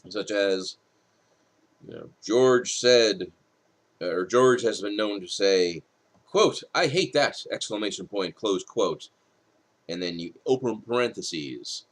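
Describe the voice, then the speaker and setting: A man's voice: deep voice, slow, long pauses. A male writing instructor, tired late at night, reads rules from a textbook in a recorded lecture and explains them with casual asides.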